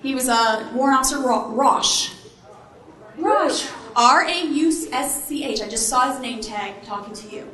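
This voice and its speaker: This woman speaks in a high, bright voice and takes her time, letting lines land. She tells her story with playful, animated flair, acting out what others said and joking with the crowd. Her voice rings through an echoey hall over a faint room hum. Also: a little slow, recorded from a distance. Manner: animated, acts out quotes, jokes with the crowd. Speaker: motivational speaker. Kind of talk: keynote storytelling to a live audience.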